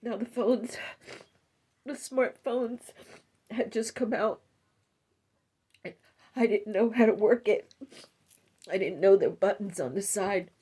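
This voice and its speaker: A middle-aged woman tells a personal story in tears, her voice breaking, with halting narration that erupts into sobbing shouts. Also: mid-range voice, breathy edge. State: tearful, voice breaking. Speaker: storyteller recounting a personal loss. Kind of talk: emotional personal testimony.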